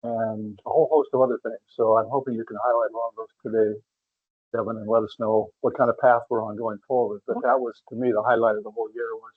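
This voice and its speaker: A man with a husky voice speaks haltingly at a public meeting, stopping to clear his throat. The sound is thin and phone-like, close and dry. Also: lowish voice, no room sound.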